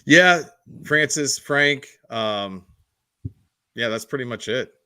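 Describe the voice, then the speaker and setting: A man co-hosting a podcast, recounting a memory in halting, self-deprecating casual talk. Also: mid-range voice, expressive, pushed and bright, smooth, no room sound. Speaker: podcast co-host. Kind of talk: casual chat.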